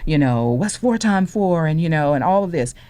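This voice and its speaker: A woman, speaking low and warm as a parent on a panel. Her pitch rises and falls freely as she tells her story. She acts out each person's voice along the way. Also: moderate pace. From Houston, Texas. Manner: animated storytelling, acts out dialogue.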